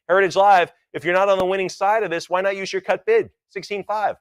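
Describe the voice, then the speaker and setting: A man working as an auctioneer, chanting bids in quick rhythmic runs and tossing in joking asides. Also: high voice, lively intonation, clean tone, no echo. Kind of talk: live auction calling.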